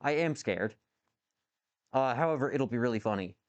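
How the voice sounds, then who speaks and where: Man, live-stream chat, rambling, cusses, answers viewers, dry close mic, medium pitch. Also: expressive, normal speed, dry recording. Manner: rambling, swears, reacts to chat messages. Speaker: livestreamer answering chat while machining. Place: home workshop with a lathe.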